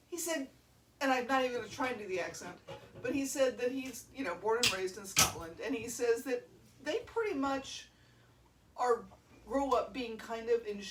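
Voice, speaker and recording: A woman's voice: on the high side, a bit bright, far from the mic. Chatty woman drummer in a roomy space. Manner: chatty, laughing, rambling storyteller. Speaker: drummer and show host. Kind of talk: casual livestream chat. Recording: roomy sound from away from the mic.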